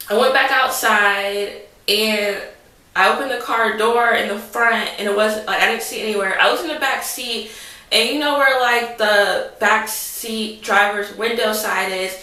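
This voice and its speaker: This young woman's voice is a little high, pushed and bright as she spins a rambling, dramatic story to her camera, filled with "like." It's casual vlog storytelling, captured by a far-off mic in an echoey room.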